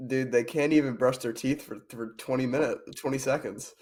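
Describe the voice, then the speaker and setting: Young man co-host, middle pitch, casual host-like recaps, laughs a lot. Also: steady tone, fairly quick, a little mellow. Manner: steers the talk, recaps, laughs often. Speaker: podcast co-host. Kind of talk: casual chat.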